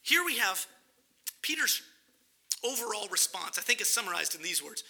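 A man preaching a sermon, explaining a scripture passage and acting out its characters with animated emphasis. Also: high voice, moderate pace, creaky, long pauses. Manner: animated, dramatizing the scripture with acted-out voices.

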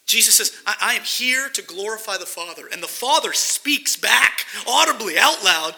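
A man's voice: high-pitched, animated, moderate pace, pushed and bright, rough recording. A man preaching a sermon, reading scripture verses aloud and explaining them with emphasis. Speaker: pastor.

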